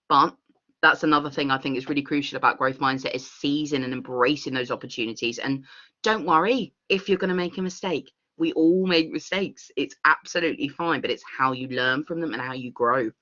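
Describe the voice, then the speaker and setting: A bright-voiced woman answers questions in an online workshop, talking with eager, rambling enthusiasm. The video call audio sounds muffled and dull. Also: sits low. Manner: enthusiastic, rambling, laughs often. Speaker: workshop facilitator.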